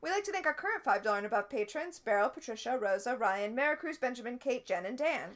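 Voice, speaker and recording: A woman's voice: fairly high pitch, animated, quick pace, a bit bright. A woman co-hosting a TV recap podcast in casual chat, wry and joking. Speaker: podcast co-host.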